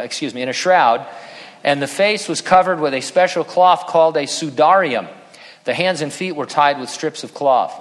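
A man's voice: mid-range voice, a bit bright, in a large hall. A man preaching a sermon, working through a Bible passage verse by verse and slipping in dry, sarcastic asides. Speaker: pastor.

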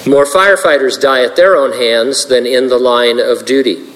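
A man's voice: mid-range voice, normal speed, slight background noise. A man preaching as a pastor, working through scripture verse by verse. He is earnest and slips in dry jokes and asides. His voice carries a long reverb, as if in a large hall. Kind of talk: verse-by-verse sermon.

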